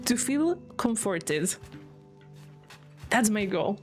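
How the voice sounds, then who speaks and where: A woman from Spain with a Spanish accent, chatting casually on her stream, giggling often and swearing freely. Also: on the high side.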